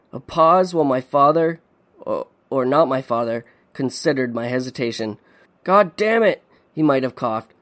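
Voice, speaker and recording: A man hosting a podcast, reading a dark story in measured, suspenseful narration. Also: medium pitch. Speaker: podcast host.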